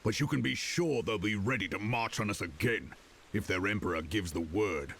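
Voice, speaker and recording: A gravelly, grave war commander. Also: male voice, on the low side, moderate pace, fairly bright tone, a little hiss or hum. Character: grave male military commander, formal. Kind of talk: game cutscene voice acting.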